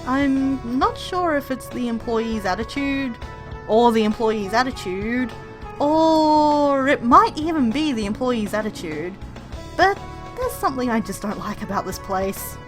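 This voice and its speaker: A woman's voice: on the high side, lively intonation, a little slow, music in the background. A woman reading an earnest young game heroine. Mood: exasperated.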